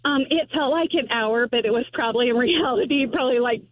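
High-voiced woman telling a story over the phone. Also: a little fast, dry recording. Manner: animated, laughs often, acts out voices in her story. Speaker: radio show caller. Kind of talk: casual storytelling on air. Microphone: telephone. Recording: tinny phone line.

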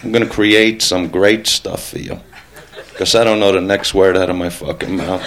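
A man's voice: low voice, expressive, moderate pace, gravelly, fairly bright tone. A man doing a stand-up routine, brash and crude, teasing the crowd. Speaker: stand-up comedian.

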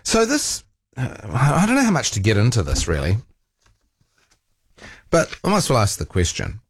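A man's voice: medium pitch, huge pitch swings, moderate pace, breathy edge, no room sound, clean studio sound. A New Zealand man hosting a talkback radio show, chatting casually and poking fun at himself, with plenty of fillers. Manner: chatty and self-mocking, with frequent fillers and laughs. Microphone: studio microphone.

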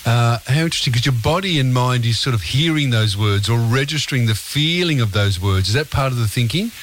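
A man's voice: mid-range voice, animated, a little fast, a little hiss or hum. A man with an Australian accent hosting a radio interview, rambling and hesitant with many fillers. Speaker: radio host.

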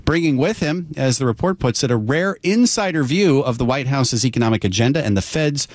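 A man co-anchors a business news show in a middle pitch. He reads relaxed, with the odd filler, into a dry studio mic. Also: brisk, no echo. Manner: relaxed, with filler uhs while reading. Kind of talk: news reading and casual co-host chat.

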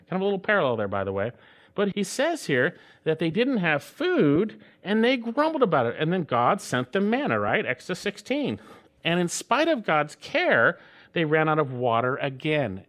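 A man preaching a sermon as a pastor, earnest, slowing down to read scripture and rising for emphasis. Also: fairly high pitch, fairly bright tone.

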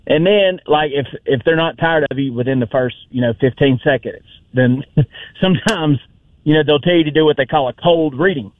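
A man's voice: a little high, moderate pace, slight background noise. A male caller on a talk radio show, speaking in a rambling, filler-heavy way. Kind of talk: casual phone-in call. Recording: tinny phone line.

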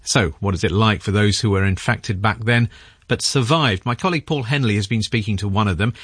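Husky low male news presenter. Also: a bit bright, dry recording, clean studio sound. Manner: brisk, smooth reading.

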